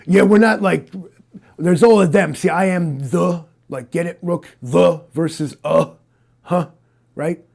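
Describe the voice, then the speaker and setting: Brief: man putting on a brash, gravelly-voiced male cyborg posing as a hard-boiled detective; talks down to people, pitched up. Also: unhurried, a little mellow. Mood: boastful. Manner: boastful, condescending, tough-guy talk. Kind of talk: improvised comic interview.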